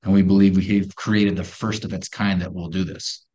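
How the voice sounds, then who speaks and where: A man being interviewed on a podcast, pitching a product with emphatic, persuasive talk and rhetorical questions. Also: little pitch movement, moderate pace, dark tone, muffled recording. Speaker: company co-founder pitching a product.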